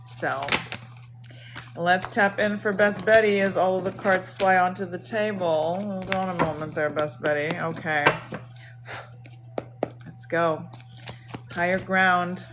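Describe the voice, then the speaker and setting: A woman's voice: lowish voice, fairly even intonation, takes it slowly, pauses often, background noise. A woman hosting a late-night livestream of donation-based card readings, chatting casually and greeting viewers by name in a bubbly, slangy way.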